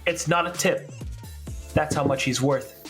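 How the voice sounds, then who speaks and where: Deadpan chill bro adventurer, lower and bright-edged, totally unbothered, a man putting him on. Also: measured pace, soft background music. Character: laid-back deadpan male adventurer, bro-ish. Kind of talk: retelling a tabletop game.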